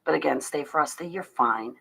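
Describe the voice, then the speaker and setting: A woman chats casually to her livestream viewers in a rough, gravelly voice. Her tone is bright and pushy, rambling and confiding, with frequent restarts and little laughs. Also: low-pitched, normal speed, low-quality recording. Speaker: livestream host talking to her chat.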